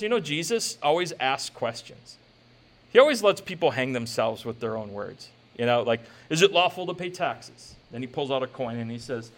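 Male pastor, casual joking sermon delivery, high animated voice. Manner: conversational, joking preaching with quoted asides.

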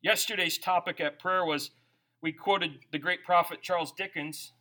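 A man preaching a sermon as pastor, conversational and animated, asking his listeners questions. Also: high-pitched, moderate pace.

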